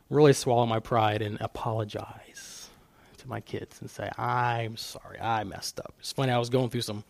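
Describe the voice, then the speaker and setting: A man's voice: medium pitch, no room sound. A middle-aged man speaking as a guest speaker at church, telling personal stories with frequent restarts. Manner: personal storytelling with many restarts. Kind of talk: church talk on fatherhood.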